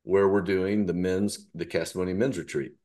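Low-voiced man plugging an event. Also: moderate pace. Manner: steady, promotional, organized. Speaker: podcast co-host. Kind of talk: casual talk with announcements.

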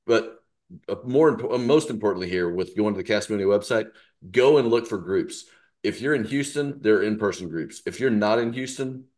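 Man, lowish voice, podcast co-host, steady and promotional. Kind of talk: casual talk with announcements.

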